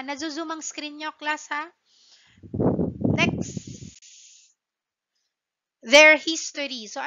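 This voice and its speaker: A woman's voice: a little high, dull audio, noisy background. A woman teacher with a Filipino accent gives an online class lecture, mixing Tagalog and English and checking in with "okay?" often.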